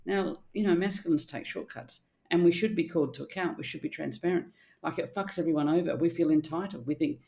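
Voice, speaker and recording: A middle-aged woman, a therapist speaking in casual podcast chat, animated and blunt, with the odd swear word. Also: deep voice, a little fast. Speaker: archetypal therapist guest.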